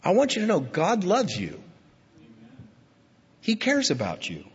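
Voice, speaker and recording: A man preaches a heartfelt sermon in a husky voice, his pitch rising and falling widely as he moves between hushed and emphatic passages. The recording sounds dull and lo-fi, with a long reverb trailing off in a large hall. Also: huge pitch swings, a little slow. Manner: emotional, swinging from hushed to emphatic. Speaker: pastor.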